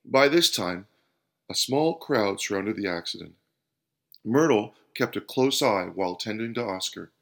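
A man hosting and narrating a scripted parable with an expressive reading. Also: lowish voice, a little slow, gravelly. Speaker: host and storyteller. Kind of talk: scripted storytelling.

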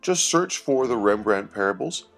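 Gravelly, expressive male storyteller. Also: fairly low pitch, normal speed, soft background music. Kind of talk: scripted story narration.

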